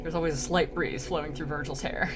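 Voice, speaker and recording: A woman's voice: low voice, fairly even intonation, fast, music in the background. A woman on a live stream reading old poetry aloud and retelling it with irreverent, slangy asides, laughing often.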